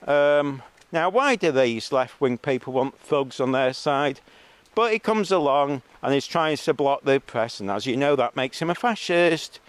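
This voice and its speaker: A man rants to his viewers in a loose, rambling monologue, scornful and mocking, stopping often on an um before pressing on. His voice sits at an ordinary middle pitch for a man. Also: expressive, a little slow, clean tone, no room sound. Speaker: street video blogger. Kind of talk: ranting monologue.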